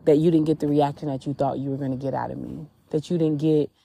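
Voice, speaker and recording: A woman's voice: low voice, fairly even intonation, gravelly, mellow, a little hiss or hum. A woman hosting a podcast, candidly and reflectively telling her personal faith testimony. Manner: candid and reflective, with drawn-out pauses. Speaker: podcast host.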